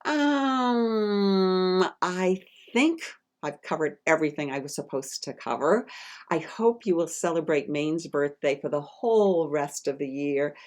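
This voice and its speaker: A woman author reading her picture book aloud to children, animated, with call-and-response and chatty teacherly asides. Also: low voice, unhurried.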